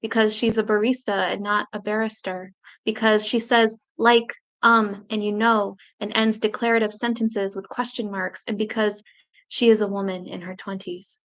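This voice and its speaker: A woman poet reading her own memoir poems aloud in a slow, measured, grave way with long pauses. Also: medium pitch, fairly even intonation.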